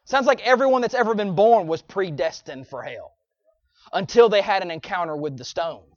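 A man's voice: high voice, animated, normal speed, no echo. A man preaching a sermon in a folksy, emphatic style, with sarcastic asides to his congregation, on a dull lo-fi recording.

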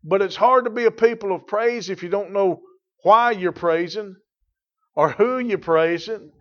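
A man preaching a sermon, moving from quiet teaching to loud, emphatic declarations. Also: high voice, a little slow, dull audio. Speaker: pastor.

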